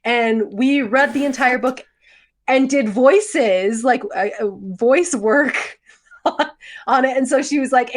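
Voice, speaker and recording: A woman's voice: high-pitched, slow. A woman in her forties co-hosting a podcast, telling a story with lots of laughter in casual chat. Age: 40s. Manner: animated storytelling, laughs often. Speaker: podcast co-host.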